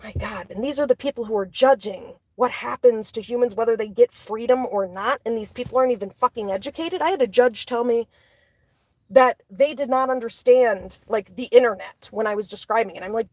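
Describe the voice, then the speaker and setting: A woman's voice: a little high, normal speed, darkish tone, no echo. A woman delivering an angry, profane rant as a solo commentator, blunt and heated. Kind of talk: angry ranting monologue.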